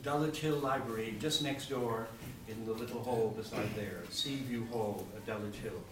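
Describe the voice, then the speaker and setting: An Australian man introducing his choir to an audience at a public event, friendly and a little halting as he talks. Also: fairly low pitch, fairly even intonation. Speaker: choir announcer. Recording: very echoey, distant, loud crowd.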